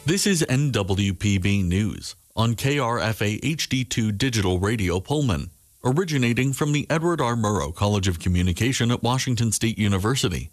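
A man reads a radio station identification in a steady, formal cadence. His voice is on the low side. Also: brisk, soft background music. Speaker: station announcer.

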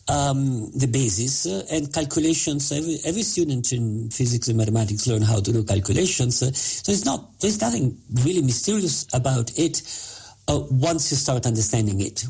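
Husky-voiced man explaining with many pauses. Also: mid-range voice, darkish tone. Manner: halting, many fillers, explanatory. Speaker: physicist guest. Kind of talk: interview answers.

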